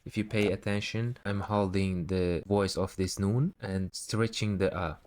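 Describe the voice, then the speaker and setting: A man teaching Quran recitation step by step, patiently repeating syllables slowly. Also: low-pitched, fairly even intonation, darkish tone. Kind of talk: slow step-by-step recitation lesson.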